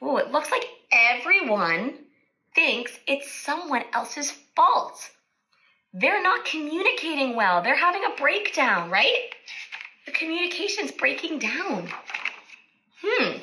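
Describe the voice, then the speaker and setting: A woman speech-language therapist reads a picture book aloud to children, staying animated and pausing to ask them questions. Her voice is high-pitched and slow, and the recording quality is low.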